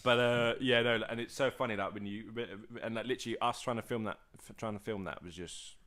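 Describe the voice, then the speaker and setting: A man co-hosting a podcast, telling stories in a rambling, excitable way full of fillers and restarts. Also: on the low side, a little fast. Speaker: podcast co-host. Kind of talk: casual storytelling chat. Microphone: podcast mic.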